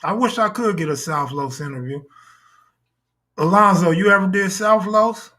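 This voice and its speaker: A man's voice: sits high, normal speed, pushed and bright. A man hosting a live stream in casual talk, full of crude, boastful joking banter.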